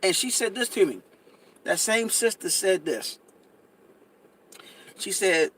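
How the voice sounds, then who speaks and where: A man's voice: high-pitched, lively intonation, slow, pauses often, fairly bright tone, slightly rough, rough recording. A man talking casually on a podcast, emphatic and repetitive, telling stories with restarts and stutters. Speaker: podcast co-host. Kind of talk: casual conversational commentary.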